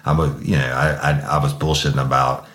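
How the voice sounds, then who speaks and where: Very deep-voiced blunt, profane man. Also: flat delivery, brisk, a bit bright, echoey room. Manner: profane, blunt anecdotal storytelling. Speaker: podcast host, former officer. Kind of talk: casual true-crime storytelling.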